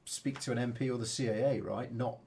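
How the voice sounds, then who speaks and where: Blunt, matey host. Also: male voice, mid-range voice, steady tone, brisk, creaky, a little mellow. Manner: blunt, matey, swears casually. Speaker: livestream host. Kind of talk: casual livestream chat.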